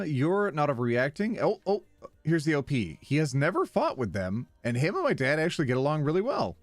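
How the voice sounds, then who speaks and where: A man's voice: fairly high pitch, big pitch swings, normal speed, dry recording, faint music behind. A man streaming, casually reading online posts aloud with playful, wry commentary and easy laughter.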